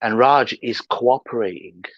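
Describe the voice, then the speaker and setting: A man's voice: medium pitch, measured pace, no room sound. Slangy, swearing man ranting on a stream. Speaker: livestream host. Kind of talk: heated casual livestream rant. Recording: dull lo-fi stream audio.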